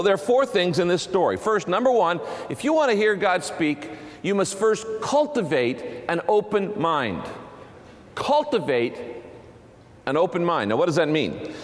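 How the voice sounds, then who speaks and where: A man preaching a sermon, emphatic, driving points home with repeated lists. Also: high-pitched. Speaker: pastor. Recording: long hall reverb.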